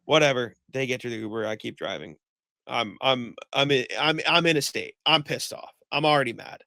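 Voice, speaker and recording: Casual podcast co-host, a man with a gravelly, fry-heavy voice, venting through a long story. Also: mid-range voice, a little fast, pushed and bright, no echo. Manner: rambling storytelling with many "like" fillers and swearing; exasperated ranting. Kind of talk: casual chat.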